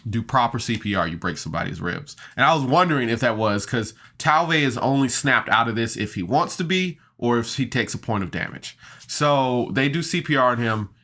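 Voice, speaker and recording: Male podcast reviewer, bright tone, mid-range pitch, chatty and enthusiastic recap. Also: lively intonation, moderate pace. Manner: chatty and enthusiastic, many fillers and laughs. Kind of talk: casual episode recap.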